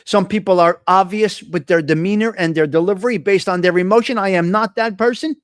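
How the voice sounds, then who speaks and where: A man's voice: sits high, a little fast, no echo, studio quality. A middle-aged man hosting a live coffee-talk show, talking bluntly in a profane, ranting monologue. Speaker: host.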